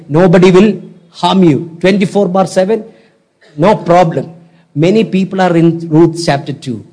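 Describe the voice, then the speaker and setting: Man, pastor, sermon, exhorting, repetitive, slightly high voice. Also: a little mellow. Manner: exhorting, repetitive, calls for audience response.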